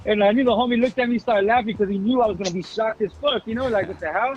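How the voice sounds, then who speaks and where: Man, forties, guest, rapid-fire street slang, lots of swearing, high pitched. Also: dull audio, a little hiss or hum. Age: 40s. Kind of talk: casual interview storytelling.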